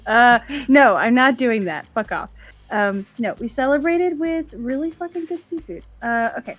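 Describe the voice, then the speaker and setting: Excitable, foul-mouthed woman player. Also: on the high side, moderate pace. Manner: excitable and swears freely. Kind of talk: casual chat at a tabletop game.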